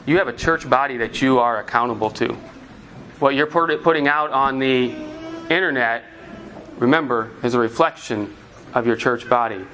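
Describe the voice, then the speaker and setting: A man's voice: mid-range voice, fairly bright tone, a little hiss or hum. A man preaching a sermon as pastor, asking the congregation earnest rhetorical questions.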